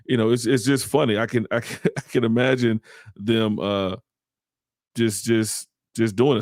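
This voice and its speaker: A man's voice: fairly low pitch, steady tone, moderate pace, a little mellow, no echo. Male podcast host, mocking comic commentary, dry close sound. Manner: mocking, joking, laughs often. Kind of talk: casual political commentary.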